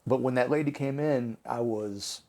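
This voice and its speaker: A man, a podcast guest telling stories in a relaxed, conversational way. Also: mid-range voice, normal speed. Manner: animated, laughing through anecdotes, acting out quotes. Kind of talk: conversational storytelling.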